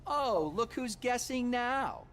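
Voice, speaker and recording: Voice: mid-range voice, animated, slow, a bit bright. An actor voicing a curious, eager boy adventurer in a game. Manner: eager, chatty.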